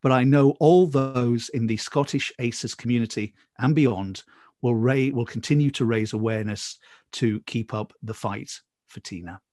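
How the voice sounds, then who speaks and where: Man hosting a video call, soft and hesitant, says uh a lot, dry sound. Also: mid-range voice, moderate pace, no echo. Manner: gentle, hesitant with many fillers. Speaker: host. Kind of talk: hosting a memorial conversation.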